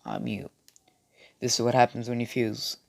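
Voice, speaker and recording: A man voicing a calm, reassuring skeleton being in a casual fan story. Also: mid-range voice, normal speed, vocal fry, no room sound, lightly acted.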